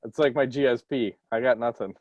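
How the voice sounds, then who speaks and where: A man's voice: medium pitch, brisk, a little mellow, dry recording, muffled recording. A man co-hosting a casual podcast chat, breaking into mocking put-on quotes. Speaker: podcast co-host.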